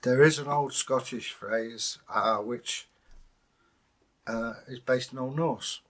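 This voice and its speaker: A middle-aged English man co-hosting a casual chat, telling anecdotes and slipping into quick impressions of other voices. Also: medium pitch, a bit bright. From England. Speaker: co-host.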